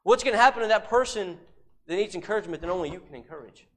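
High-voiced man preaching a sermon. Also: lively intonation, racing. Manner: emphatic, with repeated rhetorical questions and sudden drops to a hush.

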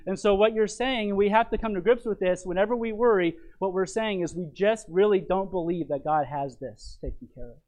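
Man, high voice, preacher, sermon, emphatic repetition, rhetorical tag questions. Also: a little fast, hardly any pauses, a little mellow, low-quality recording. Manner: emphatic, repeats key phrases, asks rhetorical tag questions.

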